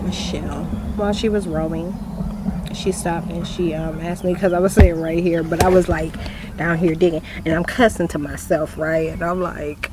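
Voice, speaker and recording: A woman telling a rambling, animated story on her porch, laughing and cursing as she goes. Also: lowish voice, heavy background noise. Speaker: vlogger. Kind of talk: rambling casual monologue.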